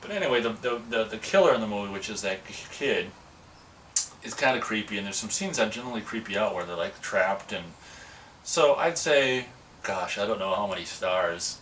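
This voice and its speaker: A man rambles through a casual movie review, acting out lines from the film as he goes. His voice is low-pitched but bright. He sits some way from the mic, with faint background noise. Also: animated, moderate pace, far from the mic, rough recording. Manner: rambling, digressive, acts out quotes.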